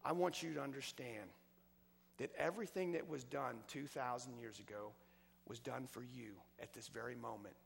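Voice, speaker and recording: A male preacher giving a sermon, telling a story with passion, swinging from loud outbursts to hushed words. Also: mid-range voice, normal speed, creaky, husky. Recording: long hall reverb.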